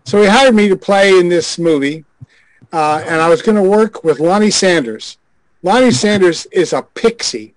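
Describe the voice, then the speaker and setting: A man's voice: high voice, expressive, normal speed, no room sound, rough recording. An older man, a guest on a group call, telling a frank show-business story with wry chuckles. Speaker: guest, former adult film director. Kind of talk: anecdote in a group video call.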